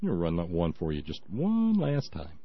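A man's voice: deep voice, wildly swooping pitch, a little fast, vocal fry, breathy edge, dry recording. A man giving scornful, sarcastic, rambling radio commentary. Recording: dry, dull lo-fi audio.

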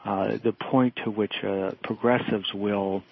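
A man calling a radio show, speaking slowly and haltingly with many fillers. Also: lowish voice, fairly even intonation, gravelly, slightly rough. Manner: slow, halting, filler-heavy. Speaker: caller. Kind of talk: phone call to talk radio. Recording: tinny phone line.

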